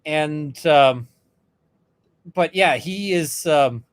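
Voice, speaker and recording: A man's voice: a little high, extremely slow. A man, a lawyer co-hosting a casual chat, telling a courtroom story with lots of fillers and quoted dialogue. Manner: animated retelling with quoted voices, many fillers. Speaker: lawyer, podcast co-host.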